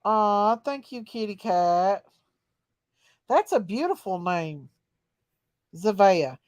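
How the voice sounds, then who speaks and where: A woman's voice: medium pitch, very animated, slow pace, pauses often, darkish tone, no echo, muffled recording. A woman hosting a casual livestream, chatting folksy with viewers and singing to them. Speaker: livestream host reading chat. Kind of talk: casual live chat.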